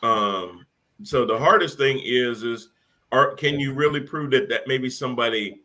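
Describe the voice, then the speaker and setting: Bright-voiced man, amused political chatter. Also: mid-range voice, unhurried, rough recording. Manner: rambling, incredulous, amused. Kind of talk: casual political chat.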